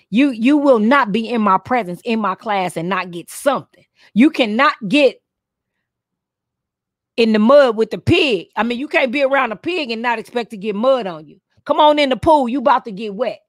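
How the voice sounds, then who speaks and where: Peppy, high-pitched woman coaching teachers. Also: normal speed, no echo, studio quality. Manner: preachy and playful, with punchy repeated phrases. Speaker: teacher coach hosting a live stream. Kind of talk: motivational live-stream talk to teachers.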